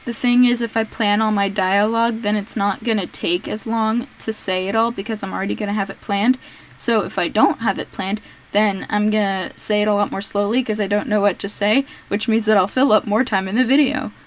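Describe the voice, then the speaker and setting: A woman's voice: mid-range voice, steady tone, a little fast. A teenage girl narrating her cosplay build in a casual, unscripted vlog, rambling with lots of "um"s and poking fun at herself. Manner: rambling, unscripted, self-deprecating with frequent "um". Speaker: cosplay vlogger.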